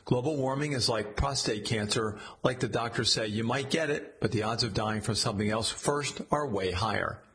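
A man's voice: medium pitch, moderate pace, few pauses, fairly bright tone, close to an everyday voice. A man reading a satirical story, voicing a smug, scheming male AI chatbot that talks in a sly, slangy, coaxing way. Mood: gloating.

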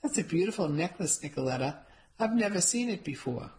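A woman voicing a quick-witted, friendly young woman. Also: lowish voice, expressive, a little mellow, natural voice. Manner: quippy, friendly.

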